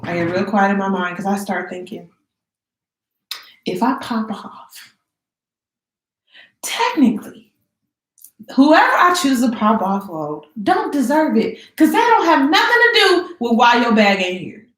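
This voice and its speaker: A young woman in her twenties telling a casual storytime, animated and dramatic, full of slangy asides. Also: fairly high pitch, measured pace, long pauses. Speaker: vlogger. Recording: echoey room.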